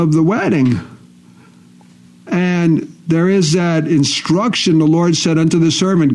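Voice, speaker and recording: A man delivering a sermon in a somewhat high voice. He reads scripture aloud and repeats phrases for emphasis. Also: a little mellow. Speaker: preacher.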